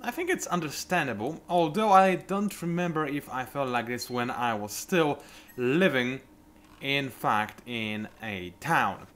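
A man's voice: mid-range voice, lively intonation, a little slow, a bit bright. A man, chatting casually and rambling off topic while commenting on a game he plays at home. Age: 20s. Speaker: let's play host. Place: home room.

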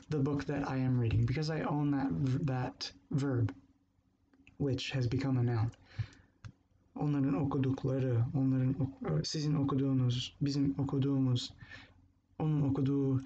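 A man teaching a language lesson, explaining grammar step by step and patiently repeating example phrases slowly. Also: mid-range voice, fairly even intonation, dark tone, lo-fi sound, slight background noise.

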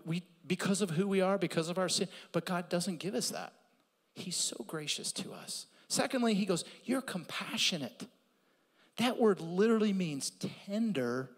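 A male pastor delivers a sermon in an animated, conversational way, dropping in asides. His voice sits high for a man. A long church-hall reverb trails every phrase.

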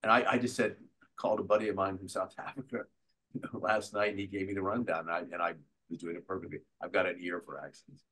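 An older man, an actor being interviewed, telling stories from his life and career in a lively way, acting out the voices of people he quotes. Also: low voice, quick pace, slightly rough, low-quality recording. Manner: animated storyteller who acts out quotes. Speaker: guest actor. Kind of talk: conversational interview storytelling.

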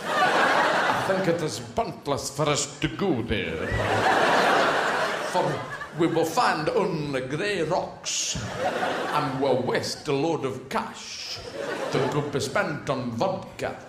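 A comedian voicing a gloomy adult male Russian space official, drawn out in a slow, heavy put-on foreign accent, weary and dismissive. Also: on the high side, lively intonation. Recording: echoey live venue with background noise.

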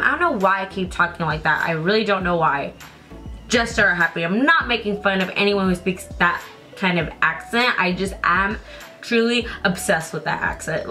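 A woman's voice: lowish voice, pushed and bright. A young woman vlogging a casual makeup unboxing, chatty and loose, thinking aloud and swearing now and then. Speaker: beauty vlogger.

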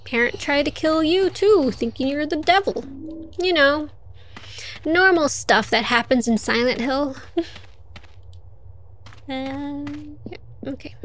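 Woman, young adult, high-pitched, chatty gameplay commentary, frequent laughter, faint background noise. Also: slow pace, pauses often. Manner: chatty, giggly, talks to the game. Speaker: streamer.

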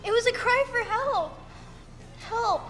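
A spaced-out rambling babysitter. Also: female voice, very high-pitched, animated, takes it slowly, a bit bright, distant mic, faint music behind, full character voice. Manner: rambling, drifting, sing-song. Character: spaced-out young female babysitter, high.

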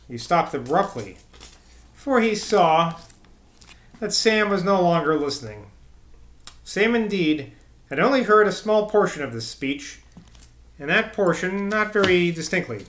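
A man's voice: high voice, very animated, fairly bright tone. Man reading an audiobook, echoey. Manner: measured literary reading. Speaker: audiobook reader. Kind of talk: audiobook narration. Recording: echoey room.

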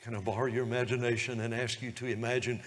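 A man preaching a sermon, telling a story in hushed tones that builds to loud, impassioned preaching. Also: medium pitch, little pitch movement, quick pace. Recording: long hall reverb.

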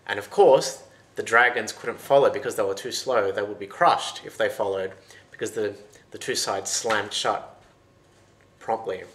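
A man's voice: fairly low pitch, moderate pace, a little hiss or hum. Man telling a folktale in a roomy echo. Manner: lively, loose and conversational with restarts. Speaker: storyteller. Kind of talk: oral folktale retelling.

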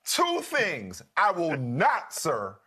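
A man co-hosting a sports talk show, teasing the guest with animated mock outrage. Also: fairly high pitch, drawn-out words, over a noisy crowd. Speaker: co-host. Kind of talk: casual sports banter.

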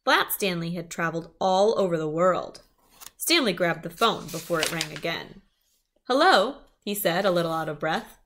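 A woman's voice: on the low side, moderate pace, a little hiss or hum. A woman reading a children's chapter book aloud, with small asides to her listeners. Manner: lively storytelling, small asides.

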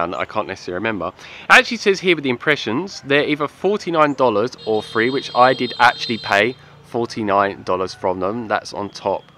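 A man's voice: on the low side, bright, forceful tone, slight background noise. A man giving a casual, enthusiastic review to camera, chatty and repetitive, with a slight lisp from wearing aligners. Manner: chatty, repeats "like I said" and "yeah"; enthusiastic recommending. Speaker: vlogger reviewing his aligners.

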